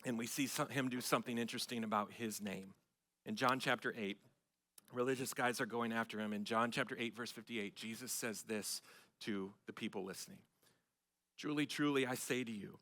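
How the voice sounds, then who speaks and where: A middle-aged man, a pastor, preaching a sermon with emphatic swells of loudness on key phrases. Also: medium pitch, fairly quick. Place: church sanctuary.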